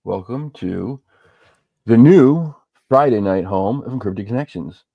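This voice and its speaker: A man's voice: on the low side, expressive, measured pace, gravelly, lo-fi sound, slight background noise. A man hosting a live podcast stream, chatting casually and rambling with lots of fillers. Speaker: podcast host.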